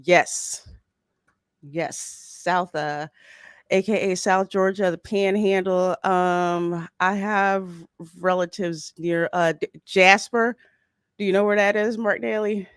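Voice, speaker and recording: A woman's voice: medium pitch, fairly even intonation, slow pace, smooth, no echo. Bubbly woman host with a dry, close sound. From Philadelphia. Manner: bubbly, laughs often, warmly greets chat. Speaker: podcast host. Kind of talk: livestream podcast chat.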